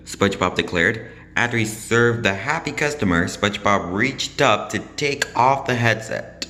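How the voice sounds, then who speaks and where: A man reading a children's storybook aloud, in a plain, measured way with small slips. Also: lowish voice, lively intonation, pushed and bright, slight background noise.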